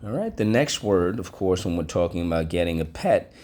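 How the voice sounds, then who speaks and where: A man teaching a vocabulary and phonics lesson, drawing out each word slowly and deliberately. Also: sits low, expressive, a little mellow. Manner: slow, deliberate, with drawn-out modeled words.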